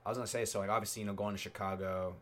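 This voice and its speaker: A man's voice: fairly low pitch, fairly even intonation, very fast. A young man hosting a podcast, telling stories in a laid-back, slangy way and laughing often. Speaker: podcast host. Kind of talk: casual chat.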